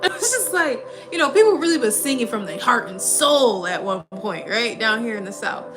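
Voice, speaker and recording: Lively young woman chatting over music. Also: a little high, fairly quick. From Minnesota. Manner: animated, laughing storyteller, slangy. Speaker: livestream host. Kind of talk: casual livestream chat. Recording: music playing behind.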